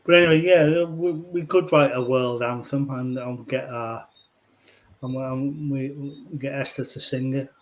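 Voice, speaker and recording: A man from Liverpool with a softened Scouse accent, chatting casually and rambling with jokes and fillers. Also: medium pitch, fairly even intonation, unhurried, low-quality recording. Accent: Scouse, softened by years in London. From England (Liverpool). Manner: rambling, jokey, frequent fillers and swearing. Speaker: guest on a discussion stream. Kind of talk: casual chat.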